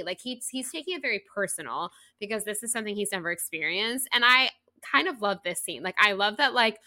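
A woman co-hosting a podcast, talking casually and at length about a book, with lots of fillers and a rambling, animated delivery. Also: medium pitch, fast talker, few pauses, dry recording. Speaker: podcast co-host.

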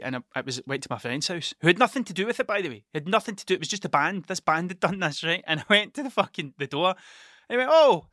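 A middle-aged Scottish man tells a long, rambling story in casual talk and swears often. His voice is bright and forceful and sits a little high. The sound is close and dry, with no room around it. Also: dry recording. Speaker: vlogger, musician.

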